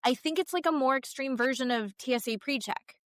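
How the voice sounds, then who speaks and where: A woman's voice: high voice, fairly quick, fairly bright tone, no echo, studio quality. A woman co-hosting a podcast, recapping reality TV in casual chat, blunt and profane, acting out what the cast members said. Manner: blunt, swears freely, acts out quotes. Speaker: podcast co-host.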